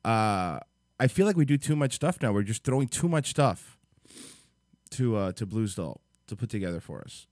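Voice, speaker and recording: A man's voice: on the low side, big pitch swings, normal speed, darkish tone, dry recording, clean studio sound. A man hosting a livestream, reacting to clips in rambling, chatty commentary. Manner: rambling, chatty, thinks aloud. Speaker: host.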